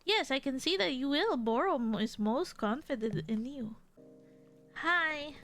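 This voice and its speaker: A woman reading out the lines of a gentle, patient man who runs a tea shop, in a soft, unhurried way. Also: high voice, expressive, faint music behind, full character voice. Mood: calm. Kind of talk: reading game dialogue aloud.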